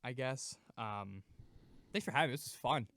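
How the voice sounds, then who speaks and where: A man's voice: medium pitch, normal speed, a bit bright. A man who is a comedian, a guest on a casual podcast, asking loose questions full of fillers.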